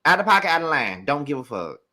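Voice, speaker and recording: High, bright-voiced man ranting. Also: quick pace. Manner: profane, animated, talks straight to viewers. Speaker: show recap host. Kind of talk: heated reality TV review rant.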